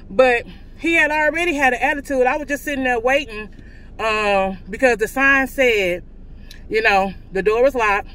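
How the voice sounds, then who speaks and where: A woman vlogger venting casually to her viewers, loud and profane, from in or near her car. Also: sits high.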